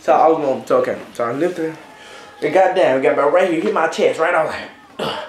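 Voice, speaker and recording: A man's voice: fairly high pitch, fast. A young man casually telling a story to camera, rambling, with lots of fillers and "right?" tags. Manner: rambling, filler-heavy, says "right?" often. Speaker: vlogger. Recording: echoey room.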